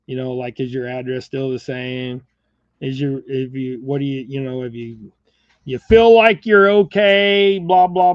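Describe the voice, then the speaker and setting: Folksy man chatting at home. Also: on the high side. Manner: rambling, folksy, chuckles often. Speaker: fishing channel host. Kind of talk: casual live chat while tying jigs. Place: home, indoors. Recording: dull, slightly muffled sound.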